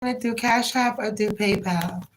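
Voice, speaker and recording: A woman's voice: medium pitch, moderate pace, very noisy. A woman hosting a live tarot reading stream, chatting casually and affectionately with viewers in slang. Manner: rhythmic chanted prayer.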